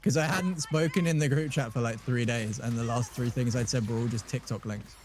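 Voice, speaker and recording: A man's voice: medium pitch, fairly quick, darkish tone, slight background noise. A man from southern England with a southern English accent, streaming a game and telling rambling, jokey stories in casual chat.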